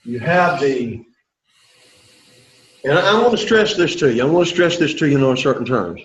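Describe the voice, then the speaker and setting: A man's voice: fairly high pitch, lively intonation, moderate pace, dull audio. A middle-aged man teaching a Greek class, lecturing to students in an emphatic way and repeating his key points.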